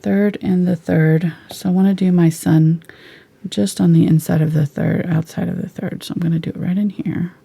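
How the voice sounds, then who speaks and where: Gravelly-voiced woman teaching painting. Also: lowish voice, moderate pace. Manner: relaxed, chatty, drifts into soft whispers while painting. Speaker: painting instructor. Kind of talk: live painting tutorial.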